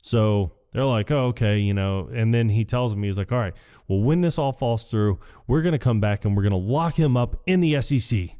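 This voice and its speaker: A man's voice: brisk, smooth. Man eagerly retelling a movie. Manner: animated retelling, jumps high to act out quoted lines, laughs often. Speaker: podcast co-host. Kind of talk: casual movie recap chat.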